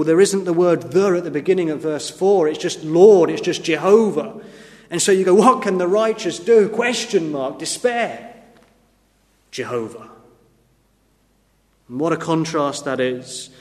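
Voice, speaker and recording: Man preaching in an echoing church. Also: fairly high pitch. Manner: earnest, emphatic preaching with sudden rises and drops in volume. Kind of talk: sermon. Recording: long reverb of a church hall.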